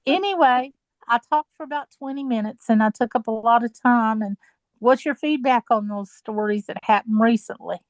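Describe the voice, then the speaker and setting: Give me a talkative older woman sharing stories, slightly high voice, dry recording. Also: normal speed, no room sound. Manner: chatty, laughs easily, tells long stories. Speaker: guest sharing experiences. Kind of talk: casual chat.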